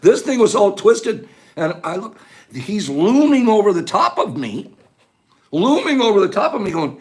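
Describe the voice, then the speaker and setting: Lively male host, high voice, animated storyteller who laughs through it. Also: normal speed. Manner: animated, laughing, acts out scenes. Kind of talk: casual storytelling.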